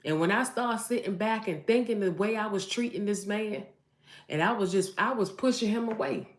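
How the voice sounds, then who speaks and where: A woman's voice: medium pitch, moderate pace. A woman, a mother and vlogger, giving emphatic motivational advice to her camera and repeating phrases for emphasis. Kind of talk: preachy motivational talk to camera. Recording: roomy echo.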